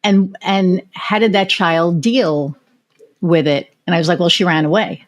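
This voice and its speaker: A woman's voice: fairly low pitch, fairly even intonation, measured pace. Candid American woman hosting a podcast. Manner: candid storyteller who swears freely. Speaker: podcast host. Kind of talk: casual interview chat.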